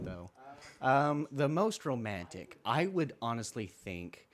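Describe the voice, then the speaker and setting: In a relaxed podcast conversation, this male co-host speaks slowly in a sing-song, mid-range voice, with a little hiss or hum on the recording. He frequently stumbles at the start of sentences, stammering and repeating words.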